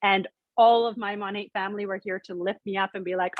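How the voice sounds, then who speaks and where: A woman's voice: medium pitch, fairly even intonation, brisk, dry recording, highs cut off. A woman sharing her personal story on a video call, earnest and heartfelt, with many "like" fillers.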